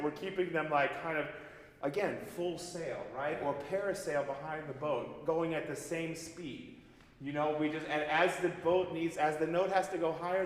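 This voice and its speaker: A man's voice: fairly high pitch, slight background noise. A man leading a singing master class, explaining diction and breath and singing short examples as he goes. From United States. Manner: lively, demonstrative, sings vocal examples mid-sentence. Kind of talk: coaching singers in a master class. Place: large recital hall. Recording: echoey hall recording from far off, faint piano.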